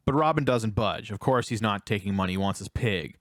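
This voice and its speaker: A man co-hosting a casual film review podcast, retelling scenes with animated energy and acting out characters' lines. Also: on the low side, brisk, hardly any pauses, no room sound, studio quality. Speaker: podcast co-host.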